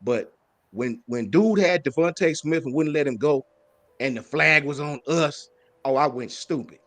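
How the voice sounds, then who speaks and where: Animated man hosting sports talk. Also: on the high side, a little slow, dry recording. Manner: animated, greets chat viewers, slangy. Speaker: sports talk show host. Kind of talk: casual sports talk livestream.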